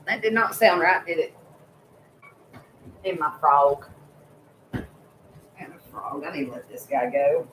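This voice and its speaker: A woman's voice: deep voice, lively intonation, measured pace, pauses often, a bit bright, roomy sound, slight background noise, poor audio. A woman hosting a casual live stream, loose and swearing freely while she chats with viewers and fusses over her pets. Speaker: livestream host.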